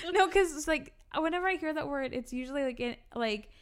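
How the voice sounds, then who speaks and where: Young woman podcast cohost, higher voice, giggles a lot, rambles and trails off. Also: moderate pace, fairly bright tone. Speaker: podcast co-host. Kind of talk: casual chat.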